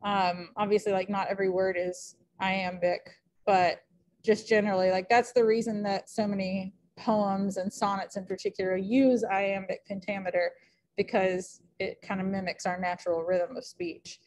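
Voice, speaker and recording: A woman's voice: mid-range voice, flat delivery, normal speed, a little mellow. A woman teacher giving a casual recorded lecture, chatty and thinking aloud with many fillers.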